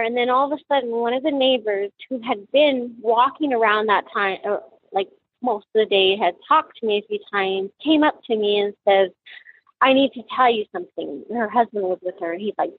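A woman's voice: fairly high pitch, slightly rough, dry recording. Emotional mother on a tinny line. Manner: halting, many fillers and restarts. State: tearful, emotional. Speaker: mother of a crime victim. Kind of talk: emotional personal testimony.

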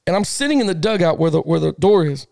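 Man, high voice, gravelly, middle-aged, animated storyteller, slangy, casual podcast co-host. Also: quick pace, no room sound, clean studio sound. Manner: animated, fired-up storyteller who laughs often; slangy, repeats himself. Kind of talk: casual sports podcast chat.

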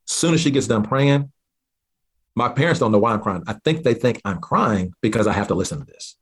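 A man from southeastern Oklahoma, a guest earnestly telling a personal story with halting restarts. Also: medium pitch, animated, husky. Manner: earnest, halting restarts, slows down at key moments.

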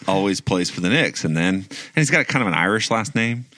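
A man co-hosting a casual sports podcast, laid-back and animated. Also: lowish voice, a little fast, dry recording. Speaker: podcast co-host. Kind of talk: casual chat and read ad.

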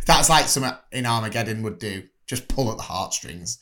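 A man's voice: medium pitch, brisk, hardly any pauses, fairly bright tone. A man hosting a movie podcast, wrapping up the episode in an enthusiastic, chatty, jokey way. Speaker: podcast host. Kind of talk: casual podcast sign-off.

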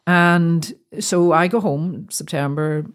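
Halting Irish woman telling her story. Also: lowish voice, fairly even intonation. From Ireland. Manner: halting, full of fillers and restarts. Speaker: guest. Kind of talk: storytelling in an interview.

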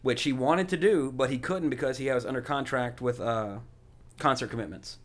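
A man in casual podcast chat who rambles enthusiastically, full of uhs and you-knows. His voice sits at an ordinary middle pitch. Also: moderate pace. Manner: rambling, lots of fillers, enthusiastic. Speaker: podcast host.

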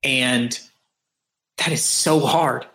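A man's voice: mid-range voice, fairly even intonation, drawn-out words, bright, forceful tone. A man guesting on a podcast, talking earnestly and reflectively in long runs with frequent restarts. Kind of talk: casual interview chat. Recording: roomy echo.

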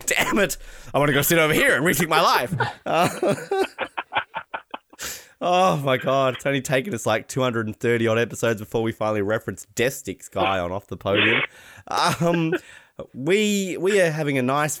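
A man's voice: medium pitch, lively intonation, normal speed, a bit bright, dry recording. A man hosting a podcast in casual comedic chat, rambling and joking with frequent laughter. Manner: rambling, jokey, laughs often, breaks into silly voices. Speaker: podcast host.

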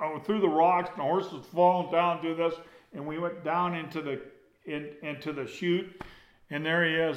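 A man's voice: fairly high pitch, steady tone, moderate pace. An older man, a former hunting guide, telling a rambling personal story in a folksy way, often drifting off and circling back. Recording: roomy echo.

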